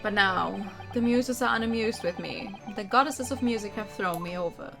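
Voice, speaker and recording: A woman voicing a melodramatic, gloomy adult gentleman detective with a mournful, grandiose delivery while reading game dialogue aloud. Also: mid-range voice, moderate pace, vocal fry, over music, voice pushed down, close to an everyday voice. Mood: despairing.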